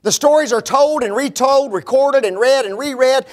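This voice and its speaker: A man with a notably high voice preaching a sermon. He stresses his words hard and keeps throwing rhetorical questions at his listeners. His tone turns scornful when he repeats the phrases he is arguing against. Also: normal speed, hardly any pauses. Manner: emphatic, rhetorical questions to the audience, mocking quoted phrases.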